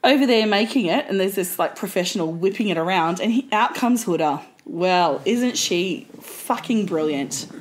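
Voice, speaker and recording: A woman in her thirties with an Australian accent, co-hosting a podcast in lively, laughing chat. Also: mid-range voice, moderate pace, hardly any pauses. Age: 30s. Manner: lively, laughing, swears casually. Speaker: podcast co-host. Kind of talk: casual chat.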